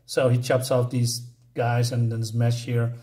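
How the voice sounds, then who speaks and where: A man's voice: medium pitch, flat delivery, a little slow, dark tone. A man reviewing a comic book in casual talk, exasperated and sarcastic as he mocks the writing. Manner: exasperated and sarcastic, mocking the dialogue.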